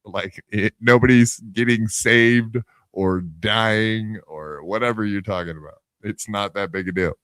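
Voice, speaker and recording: A man's voice: fairly low pitch, a little slow, hardly any pauses, a bit bright, clear, resonant tone, no echo. Incredulous mocking male podcast host. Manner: mocking, incredulous, swears freely. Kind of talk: casual profane commentary.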